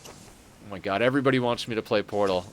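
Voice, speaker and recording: A man's voice: fairly low pitch, fast talker, a little hiss or hum. Chatty man streaming a game. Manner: chatty, talks to chat, thinks aloud. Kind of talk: casual gameplay commentary.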